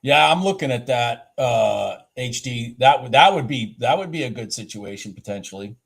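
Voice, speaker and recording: A man giving casual live trading commentary, excitable and thinking aloud with frequent restarts. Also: mid-range voice, normal speed, creaky. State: a bit out of breath. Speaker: livestream day trader.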